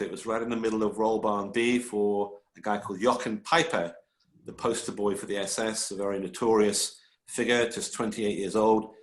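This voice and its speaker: A man's voice: on the low side, fairly bright tone. A man, an author presenting his book in a talk with slides, tells a story vividly with frequent ums and restarts.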